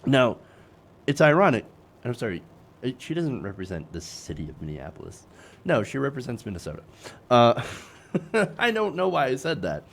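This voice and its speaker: A man's voice: medium pitch, very animated, moderate pace, vocal fry, long pauses. A man hosting a political commentary show, sarcastic and self-correcting, with many fillers.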